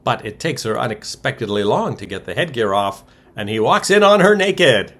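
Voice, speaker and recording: A man's voice: mid-range voice, very animated, normal speed, a bit bright. A man co-hosting a podcast, casually recapping soap opera episodes with wry asides and chuckles. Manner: wry, chuckles through summaries, many ums and uhs.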